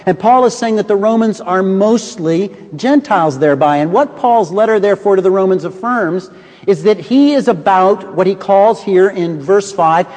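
A man preaching a sermon from a pulpit. He tells stories dramatically, swinging from hushed lows to booming highs. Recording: long reverb of a large hall.

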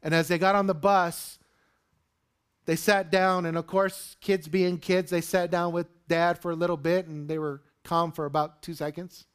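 In a church sanctuary full of worshippers, a pastor with a slightly high, smooth voice speaks at a moderate pace. His sermon is animated storytelling in which he performs the quoted voices himself.

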